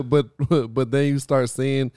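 Smooth-voiced man telling wild stories. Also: mid-range voice, no room sound, clean studio sound. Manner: animated storyteller, swears and laughs often. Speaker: podcast host. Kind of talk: casual chat.

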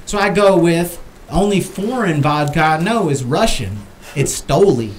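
A man telling a rambling comic story on a talk show, repeating lines to milk the laugh. His voice sits high, over a faint steady hum in the room. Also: moderate pace.

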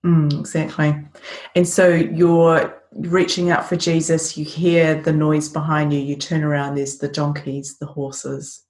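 Host: woman with a low voice, attentive interviewer, roomy sound. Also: little pitch movement, measured pace, a little mellow. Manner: attentive, short affirmations and recaps. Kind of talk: interview chat.

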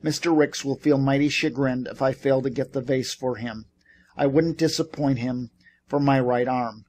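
A man's voice: medium pitch, fairly even intonation, moderate pace, a little mellow, lightly acted. A man reading as a one-armed war veteran, stubborn and insistent, pleading and pushing in a plain mid-range voice. It comes from a storybook reading.

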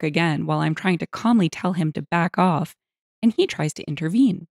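A woman narrating internet stories aloud, with lively, expressive storytelling. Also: fairly low pitch, brisk, dry recording, clean studio sound.

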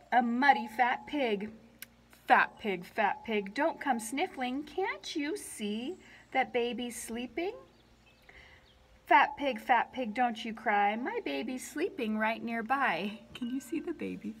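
A woman's voice: high voice, animated, slow pace, fairly bright tone, slight background noise. A woman librarian reads a picture-book lullaby aloud for children at story time. She makes playful animal sounds, uses a lilting sing-song reading, and asks the children questions along the way.

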